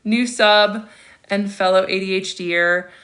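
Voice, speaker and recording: A woman's voice: medium pitch, steady tone, a little slow, fairly bright tone. A woman in her thirties hosting a casual livestream, reading viewer comments aloud and answering them with chatty asides and frequent laughs. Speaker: livestream host.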